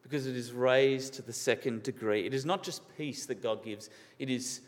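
A man's voice: mid-range voice, normal speed, few pauses. A man preaching a sermon in an earnest, questioning way, repeating key words for emphasis. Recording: long reverb of a large hall.

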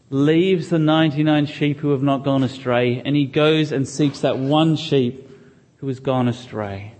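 A man's voice: fairly high pitch, darkish tone. A man preaching a sermon in church, reading scripture aloud and pleading earnestly with the congregation. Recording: long hall reverb.

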